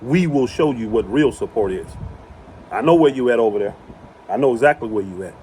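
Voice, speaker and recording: A man with a drawl preaches outdoors at a middle pitch, repeating key lines to drive them home. Faint background noise hums behind his emphatic delivery. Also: animated, brisk, dark tone. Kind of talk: impassioned religious monologue. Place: outdoors on rural property.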